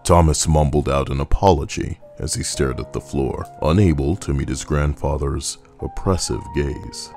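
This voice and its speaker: A man giving a measured, scripted narration of a horror story. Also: extremely low pitch, vocal fry, darkish tone, faint music behind.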